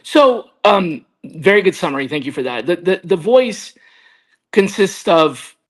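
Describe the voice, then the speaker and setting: A podcast host who speaks in a slow, halting way with many fillers. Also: mid-range voice, sing-song. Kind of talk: casual interview chat.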